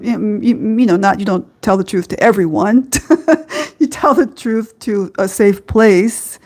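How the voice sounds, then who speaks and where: A woman's voice: mid-range voice, steady tone, normal speed, a little mellow. A woman hosting a live-streamed faith podcast, talking earnestly and rambling a little, with frequent fillers and small laughs. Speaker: podcast host.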